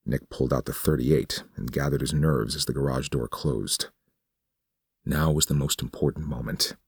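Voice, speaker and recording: A man narrates horror fiction in a steady, measured way. His voice is extremely low and gravelly with a husky texture, recorded dry. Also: no echo.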